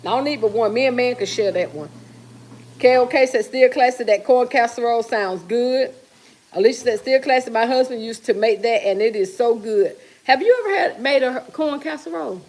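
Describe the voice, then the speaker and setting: Casual kitchen livestream: a woman host with a somewhat high voice chats and teases viewers while she cooks. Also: a little fast, darkish tone. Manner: chatty, teasing, reads viewer comments aloud. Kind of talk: casual chat with live viewers. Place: home kitchen while cooking.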